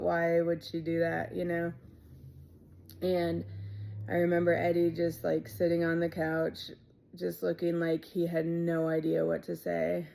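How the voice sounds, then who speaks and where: A woman in her thirties tells a personal story in a low, heavily gravelly voice with a dark, mellow tone. She speaks casually and haltingly, with frequent fillers and asides that drop to near a murmur. Her pitch stays flat and even throughout. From Ohio, USA. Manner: halting, many fillers and quiet trailing asides. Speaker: storyteller recounting her life.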